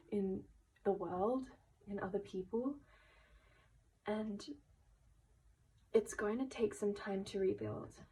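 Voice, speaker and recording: Soft-spoken woman giving a slow tarot reading. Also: medium pitch, poor audio. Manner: gentle, slow and emotional, drifting into whispers. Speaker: tarot reader.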